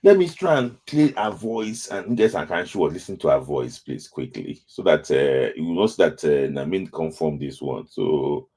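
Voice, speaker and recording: A Nigerian man with a husky, dark-toned voice hosts a casual football live stream. He speaks in a lamenting way, circling back to the same phrases again and again, while his pitch swings widely. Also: big pitch swings, unhurried, few pauses. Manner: lamenting, repeats phrases over and over. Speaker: football talk show host.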